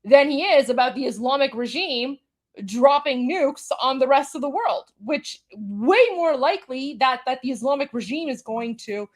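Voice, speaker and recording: A woman's voice: sits high, lively intonation, moderate pace. A woman hosting a live commentary show, reacting to a clip with incredulous, exasperated asides. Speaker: host.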